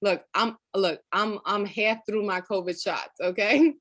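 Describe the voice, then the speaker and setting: A woman's voice: mid-range voice, animated, slow, a bit bright, slight background noise. Chatty woman telling food stories. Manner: chatty storyteller, laughs often. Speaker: interview guest. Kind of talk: casual chat. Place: lives in Florida.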